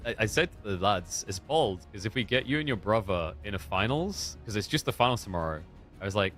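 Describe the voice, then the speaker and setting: A man with a fairly low voice interviews a player on an esports broadcast. He asks chummy, teasing questions in a casual tone. Faint music sits underneath. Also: animated, brisk, a bit bright.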